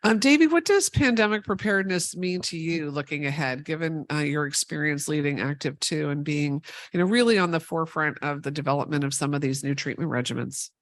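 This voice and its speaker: A woman's voice: sits low, lively intonation, fairly quick. A woman moderating a panel discussion, asking questions conversationally.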